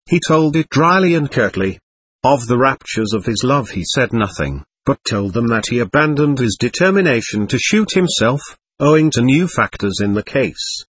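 A man reads a classic novel aloud in a measured way, his voice husky and lively in pitch. The recording is close and dry, with no room sound. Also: no room sound. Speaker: narrator. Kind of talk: scripted audiobook narration.

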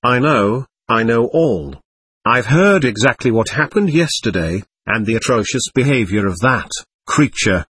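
A male narrator doing a middle-aged society lady in an audiobook, nervous and effusive, talking in quick anxious bursts. The voice swings widely in pitch and has a husky edge. It sounds dry and close. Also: animated, fairly bright tone, no echo. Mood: gushing.

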